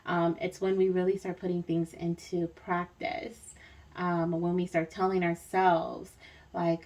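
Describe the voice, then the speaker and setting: A woman's voice: fairly low pitch, level tone, a little slow, darkish tone, recorded from a distance. A woman giving a spiritual reading in a casual, rambling, reassuring way, full of fillers and tag questions. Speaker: spiritual reader.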